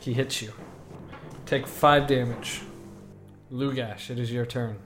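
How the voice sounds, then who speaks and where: A man narrating a tabletop game as game master, relaxed and halting with fillers. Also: mid-range voice, faint music behind.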